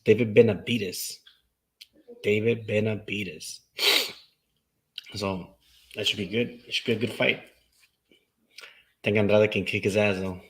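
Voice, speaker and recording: A young man hosting a relaxed sports chat show, talking in a loose, rambling way. He drifts between English and Spanish mid-sentence. His voice sits on the lower side. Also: normal speed, long pauses, low-quality recording. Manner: mixes Spanish into English, laid-back and rambling. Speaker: talk show host.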